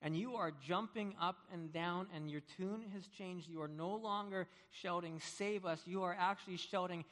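Man, pastor, sermon, high-pitched voice, hushed to loud, animated storytelling, long hall reverb. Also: normal speed, few pauses.

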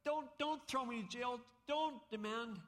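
A man voicing a panicked male debtor who pleads for mercy in a high, strained voice, as part of a sermon story. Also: unhurried, a bit bright, slight background noise. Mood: begging. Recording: echoey hall.

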